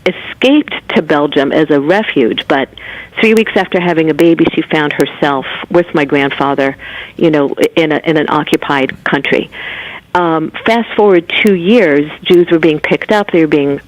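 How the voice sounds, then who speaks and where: Soft-spoken woman on a dry phone line. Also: low voice, normal speed, dry recording. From United States. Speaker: guest author, physician. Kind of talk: phone interview.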